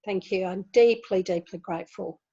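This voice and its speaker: A woman giving a gentle spiritual talk to an online group, repeating words for emphasis. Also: medium pitch, moderate pace, husky. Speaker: spiritual teacher. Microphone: video call. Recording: dull lo-fi video call audio.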